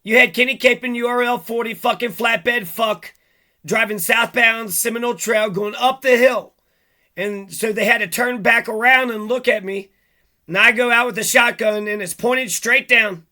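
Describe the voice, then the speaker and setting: A man's voice: extremely high pitch, steady tone, moderate pace, sharp tone. A man talking alone to his audience in an agitated, rambling, heavily profane rant. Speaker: vlogger. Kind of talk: monologue to camera.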